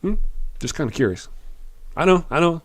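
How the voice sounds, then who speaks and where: A man hosting a live stream, reading chat comments out loud in a wry, chuckling, fast manner. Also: on the high side. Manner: animated, chuckling, wry, quick after lots of coffee. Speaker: live-stream show host.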